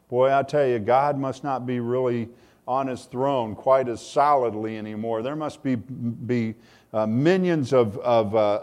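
Male pastor, mid-pitched voice, sermon delivery with building emphasis on scripture. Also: a little mellow. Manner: preaching with rising emphasis, reads scripture aloud.

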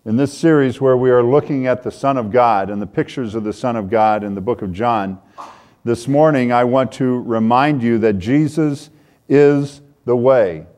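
A man's voice: medium pitch, moderate pace, a little mellow. A man preaching a sermon in a conversational way, reading scripture aloud with more force. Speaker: pastor.

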